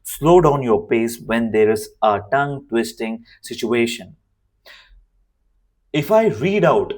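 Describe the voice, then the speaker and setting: Speaking slowly and expressively, a hoarse-voiced man with a mid-range pitch teaches an unscripted lesson straight to camera. As a communication coach, he stresses his points with emphasis and circles back to the same key phrases.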